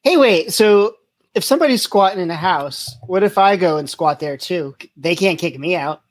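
A man in a casual podcast chat, throwing out quick offhand suggestions. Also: high-pitched, lively intonation.

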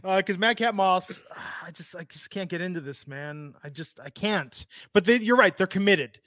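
Dry-voiced sardonic man, high and bright. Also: lively intonation, normal speed, dry recording. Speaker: podcast co-host. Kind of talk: casual wrestling podcast chat.

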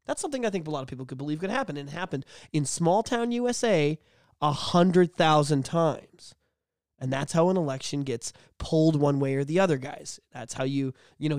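A man co-hosting a casual podcast, talking animatedly and swearing, slipping into mocking high voices. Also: a little mellow, dry recording, studio quality. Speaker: podcast co-host. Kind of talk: casual chat.

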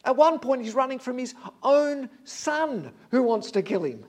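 Preaching with earnest emphasis, a man with a high, light voice repeats key phrases to drive his points home. He's very animated yet unhurried, and his tone is darkish.

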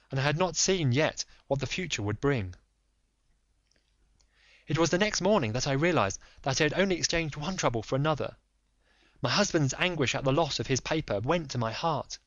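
Frightened young noblewoman, read by a man, earnest and measured, dull dry recording. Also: on the high side, a bit bright, no echo.

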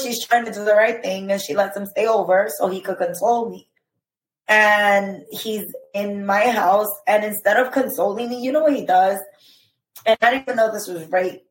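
A woman telling a painful personal story as a podcast guest, emotional and halting, with many fillers. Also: mid-range voice, reverberant, rough recording.

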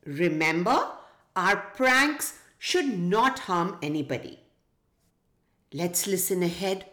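A woman's voice: fairly low pitch, expressive, takes it slowly, reverberant. A woman hosting a children's podcast, narrating a folktale and asking young listeners questions. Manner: gentle, asks children questions. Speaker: children's podcast host and storyteller.

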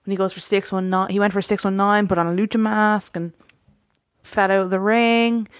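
A woman co-hosts a casual chat about a wrestling show at a middle pitch. She laughs often and trips over her restarts as she talks. The room is dry and close. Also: level tone, fairly quick, no echo. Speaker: podcast co-host.

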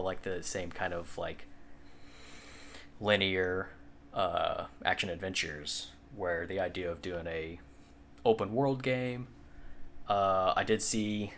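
Low-voiced man rambling in casual chat. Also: a bit bright, a little hiss or hum. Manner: rambling, filler-heavy, swears casually. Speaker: podcast co-host.

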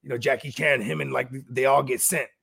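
A man's voice: medium pitch, steady tone, a little fast, vocal fry, fairly bright tone, breathy edge. A man co-hosting a podcast in casual chat, rambling and slangy, swearing freely and filling with "you know what I mean". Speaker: podcast co-host.

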